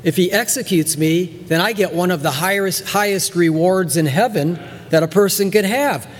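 Male pastor, high voice, lively sermon delivery in a reverberant hall, playful asides. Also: moderate pace. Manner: animated preacher, acts out voices, repeats words for emphasis.

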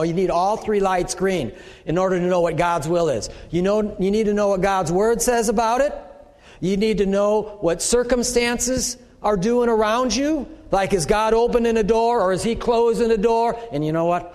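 A man's voice: high-pitched, darkish tone. A middle-aged man preaching a conversational sermon, often acting out the voices he quotes. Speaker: pastor. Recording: echoey hall with long reverb.

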